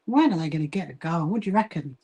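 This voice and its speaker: A woman from Brighton, England, with a southern English accent, chatting casually on a livestream while she sews and greets viewers by name. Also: fairly low pitch, animated, fast, husky. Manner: chatty, reads and greets viewer comments, frequent fillers and laughs. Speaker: livestream host, quilting association founder.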